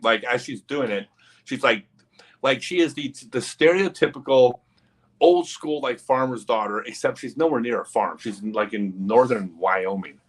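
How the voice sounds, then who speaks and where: Husky-voiced man telling a story. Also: medium pitch, normal speed. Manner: animated, many fillers and asides. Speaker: livestream host. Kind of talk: casual anecdote telling.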